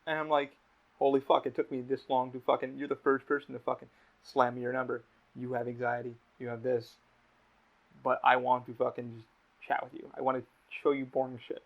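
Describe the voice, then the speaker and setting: Hosting a podcast, a man rambles candidly and swears heavily in a relaxed chat. His medium-pitched, creaky voice is flat and fairly quick. Sound quality is dull lo-fi.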